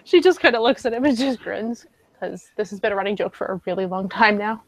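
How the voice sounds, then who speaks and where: A woman's voice: medium pitch, brisk, dry recording. A woman narrating her character in a tabletop role-play session, chatty and giggly.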